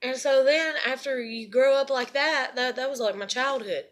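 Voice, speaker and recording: A woman's voice: high voice, moderate pace. A young woman and single mother venting in a rambling, profane personal monologue.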